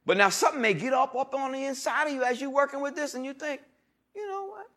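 Speaking fast in a very high voice, a male pastor delivers a lively sermon that alternates between shouts and murmurs. He leads his congregation in call-and-response and laughs while telling stories.

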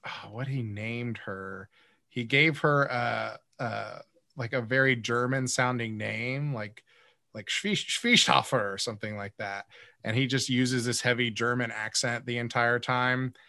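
Guy in his 30s rambling thru a podcast chat, bright voice, dry sound, tons of fillers. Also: medium pitch, steady tone, takes it slowly, creaky, no echo. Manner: rambling, many fillers and restarts. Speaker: podcast co-host. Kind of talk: casual chat recapping a comedy sketch.

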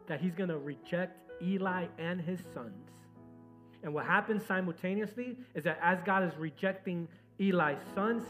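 A man with a notably high voice preaches to his church. He moves from loud, pressing exhortation to quiet, low retelling of the story. Faint instrumental music plays beneath his words. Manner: preaching with swings from loud and urgent to soft and low. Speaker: pastor. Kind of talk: sermon.

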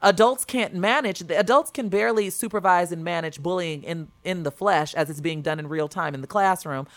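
Low-voiced woman co-hosting a chat. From Chicago area. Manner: earnest, rapid storytelling with restarts. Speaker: podcast co-host. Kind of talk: casual chat.

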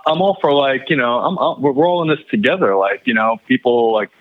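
A man from New York calls in as a guest and tells his stories with stumbling restarts and plenty of swearing. His voice is dry and close, pitched in the middle. The line sounds thin and tinny, like a phone call. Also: animated, fairly quick, no room sound. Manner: stammering, repeats words, swears. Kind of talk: casual storytelling.

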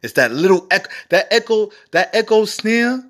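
A man's voice: sits high, animated, normal speed, a bit bright. A man in his forties hosting a casual music review show, rambling and profane with enthusiastic asides. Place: home recording setup.

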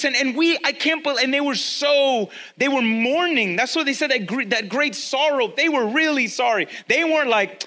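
A male pastor preaching a sermon to a church congregation, energetic and conversational, repeating key lines for emphasis. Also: very high voice, normal speed, few pauses. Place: church with a congregation, also streamed online.

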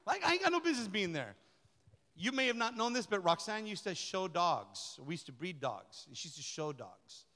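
A middle-aged man, a pastor, delivering a lively, colloquial sermon that repeats key phrases. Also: sits high, moderate pace. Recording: long reverb of a large hall.

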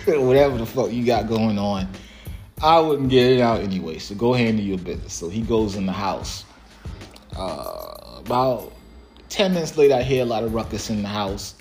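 Laid-back, profane low-voiced man. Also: expressive, normal speed, a little mellow, faint music behind. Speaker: storyteller. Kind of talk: casual storytelling.

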